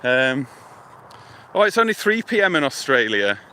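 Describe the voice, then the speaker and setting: A man streams live from his phone as he strolls past a lake, narrating whatever he sees in an easygoing, meandering way. His voice sounds bright and forward. Faint traffic hum sits in the background. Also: medium pitch, normal speed. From United Kingdom. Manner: relaxed rambling, thinking aloud, talks to viewers. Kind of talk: casual walking livestream chat. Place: outdoors by a lake and river near a motorway. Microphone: phone held while walking. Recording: outdoor traffic hum behind.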